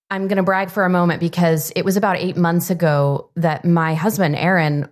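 A woman co-hosting a talk show, telling a story in a steady, explanatory way. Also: low-pitched. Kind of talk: conversational talk.

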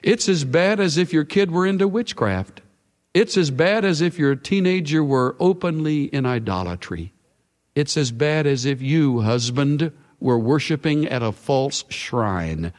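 A male pastor preaching a sermon in an earnest way, his voice swelling and then dropping to a hush. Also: a little high, lively intonation, measured pace. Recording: long hall reverb.

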